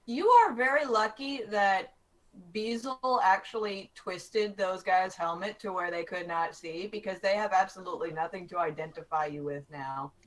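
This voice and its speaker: A woman narrating as game master in a tabletop game, lively and quick to act out townsfolk. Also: medium pitch, rough recording.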